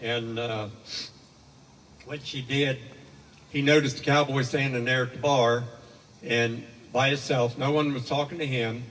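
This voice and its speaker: A man's voice: mid-range voice, steady tone, unhurried, long pauses, fairly bright tone. An older man rambling through a folksy spoken story with homespun asides, heard from far off in an echoey hall. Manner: rambling, homespun, with many fillers.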